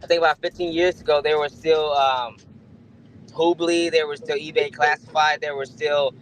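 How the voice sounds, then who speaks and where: Sick guy on a call, kinda high voice, rambling about his dogs, light background hiss. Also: fairly even intonation, moderate pace, low-quality recording. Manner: rambling, easygoing, many fillers. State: sick, chewing a lozenge. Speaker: guest dog breeder. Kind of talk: casual podcast chat.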